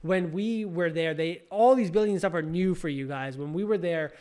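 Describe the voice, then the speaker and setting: High-voiced young man telling a long story. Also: normal speed, darkish tone. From California. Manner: rambling, many fillers and restarts. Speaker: podcast host. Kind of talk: casual storytelling chat.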